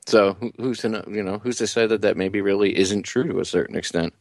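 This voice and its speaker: A man co-hosting a casual podcast, blunt and excitable, with stammering restarts. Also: on the low side, brisk, dry recording. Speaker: co-host.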